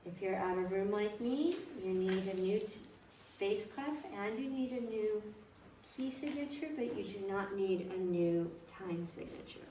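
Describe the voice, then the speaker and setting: A woman's medium-pitched, dark voice unfolds unhurriedly as she teaches a piano class to a group. She asks questions patiently and repeats what her students answer. The audio is roomy and distant, with a faint noise floor.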